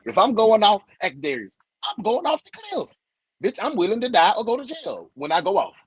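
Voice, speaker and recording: A man giving loud, slangy, excitable reaction commentary, swearing freely. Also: sits high, breathy edge, no echo, dull audio. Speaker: reaction host.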